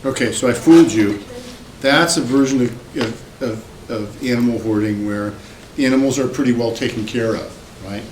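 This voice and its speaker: A man's voice: medium pitch, normal speed, darkish tone, slight background noise, low-quality recording. A man, a professor, lecturing to a class and telling a rambling personal story with many fillers and restarts. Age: older. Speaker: psychology professor.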